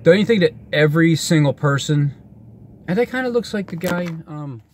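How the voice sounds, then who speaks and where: A man vlogging outdoors in a rambling, excitable monologue, his pitch jumping all over as he talks. He keeps stopping, restarting and trailing off mid-sentence. Cars and street noise carry clearly behind him. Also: normal speed.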